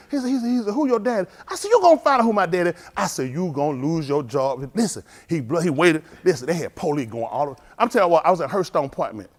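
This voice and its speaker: A middle-aged male pastor, preaching informally and telling lively street stories in which he acts out the voices. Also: a little high, fast talker, few pauses. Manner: animated storytelling, acts out voices, laughs.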